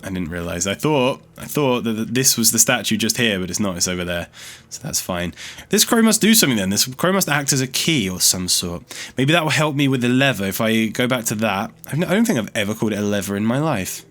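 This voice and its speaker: A man's voice: fairly low pitch, expressive, a little fast, a bit bright. Chatty man narrating his gameplay. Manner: chatty, thinks aloud, easily startled. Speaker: let's play host. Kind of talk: casual gameplay commentary.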